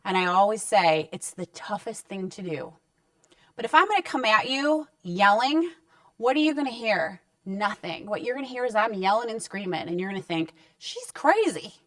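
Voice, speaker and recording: Woman counselor, relaxed and reassuring parenting talk, dry and slightly distant mic. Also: mid-range voice, normal speed, no echo. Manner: conversational and reassuring, acting out short parent-child exchanges. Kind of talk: direct-to-camera parenting advice talk. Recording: dry sound with the mic set back.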